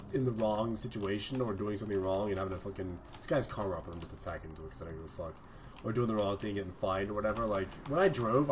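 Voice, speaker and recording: A man's voice: lowish voice, slight background noise. A young man giving rambling, profanity-laden casual commentary over his own gameplay video. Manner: rambling, swears a lot. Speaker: gaming video host.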